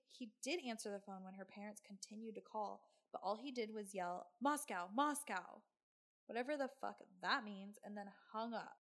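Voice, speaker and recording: A woman hosting a podcast, telling a true crime story in casual chat with sarcastic, swearing asides. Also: mid-range voice. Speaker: podcast host.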